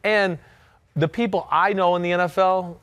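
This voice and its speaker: A man in his thirties with a New Jersey accent, hosting a sports podcast in loud, animated casual chat. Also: high-pitched, moderate pace, smooth, dry recording. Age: 30s. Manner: loud, animated, talks with filler and restarts. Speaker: podcast host.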